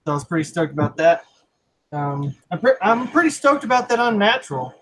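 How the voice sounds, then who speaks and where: Excited rambling man, slightly high voice. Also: a little fast, poor audio. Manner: rambling and enthusiastic, lots of fillers and restarts. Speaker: podcast co-host. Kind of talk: casual chat.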